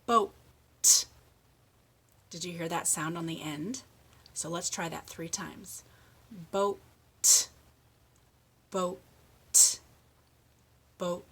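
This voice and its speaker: A middle-aged woman leading a speech lesson for young children, modeling words slowly with exaggerated endings and steady encouragement. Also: on the low side, husky. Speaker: speech therapist.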